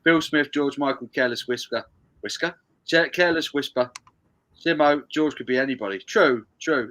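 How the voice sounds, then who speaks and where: A man with a medium-pitched, bright, forceful voice talks at normal speed while hosting a charity music quiz on a live stream. He reads out viewers' answers and banters, swearing and laughing often.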